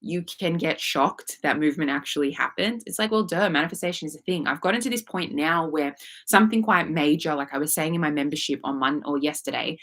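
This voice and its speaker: She has a low, slightly bright voice with lively intonation and a brisk pace. An Australian manifestation coach, she gives casual live coaching on a livestream, swears freely, stays frank, and reads comments from viewers aloud.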